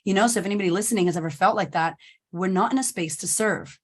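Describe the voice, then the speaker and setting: A woman guest on a podcast, telling her story in a candid, animated conversational way. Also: mid-range voice, quick pace. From United States. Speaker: podcast guest, confidence coach. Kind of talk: conversational interview.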